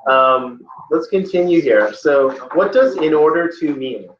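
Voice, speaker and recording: Male teacher, slightly high voice, prompting students with questions, roomy classroom echo, dull lo-fi sound. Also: animated, a little slow. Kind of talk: classroom test-prep lesson. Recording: echoey, dull classroom recording with faint noise.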